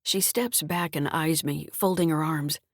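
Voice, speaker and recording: A woman, the author, calmly narrating her mystery thriller audiobook. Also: sits low, unhurried, dry recording, clean studio sound.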